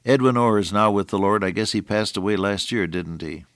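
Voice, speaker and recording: An older man preaching a sermon, moving between hushed storytelling and raised, emphatic exhortation with slow, deliberate phrasing. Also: on the low side, no echo, clean studio sound.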